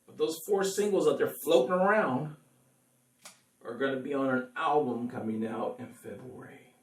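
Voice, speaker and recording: A man's voice: mid-range voice, normal speed. A man, a singer-songwriter, chatting casually with viewers between songs, rambling and laughing often. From California. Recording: echoey room, mic at a distance.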